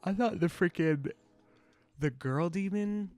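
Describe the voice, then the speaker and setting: A man co-hosting a podcast in casual chat, animated, laughing often and acting out quotes. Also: high voice, slow pace, no room sound, soft background music. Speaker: podcast co-host.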